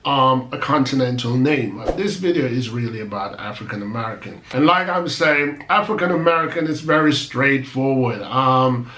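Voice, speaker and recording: A man's voice: mid-range voice, normal speed, hardly any pauses, roomy sound, noisy background. A man hosting his own channel, giving an emphatic, argumentative opinion monologue and mocking his critics with rhetorical asides. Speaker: channel host.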